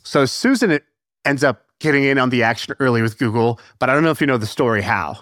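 A man hosting a podcast, telling stories in a lively, swearing, casual way with lots of fillers. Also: mid-range voice, fast talker, dry recording, clean studio sound. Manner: animated, profane storyteller with many fillers. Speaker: podcast host. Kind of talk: casual storytelling chat.

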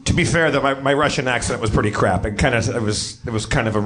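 A man performing comedy, teasing his partner in animated improv banter. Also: medium pitch, fast, heavy background noise.

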